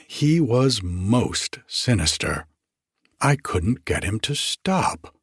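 A man's voice: mid-range voice, breathy edge, no room sound, clean studio sound, exaggerated voice. A man reading a story, voicing a lean, sorrowful young man who talks in a plaintive, dreamy way.

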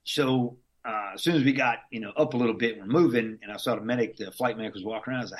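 A man's voice: medium pitch, fast talker, hardly any pauses. Laid-back slangy male veteran. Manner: laid-back, slangy, drops in curses and chuckles. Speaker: army veteran guest. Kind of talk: casual storytelling.

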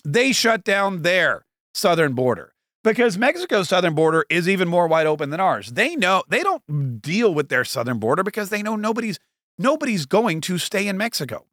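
A male podcast host delivering a sarcastic political monologue, full of rambling asides. His voice sits somewhat high for a man, and the recording is dry and close, with no room echo. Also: big pitch swings, normal speed, fairly bright tone.

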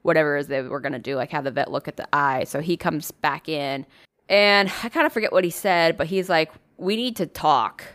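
A woman's voice: deep voice, a little fast, fairly bright tone, no echo. A woman co-hosting a podcast, telling a story in casual chat, swearing freely and acting out the voices of the people in it. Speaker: podcast co-host.

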